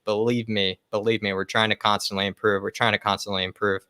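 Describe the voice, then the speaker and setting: Male co-host, low and flat but bright and fast, emphatic casual chat. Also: smooth, dry recording, clean studio sound. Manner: emphatic, repeats phrases. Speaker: fan channel co-host. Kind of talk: casual live-stream chat.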